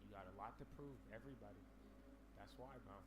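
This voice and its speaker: A man hosting a casual livestream, ranting in an animated, profane way with lots of slang. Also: on the low side, fast, background noise. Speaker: livestream host.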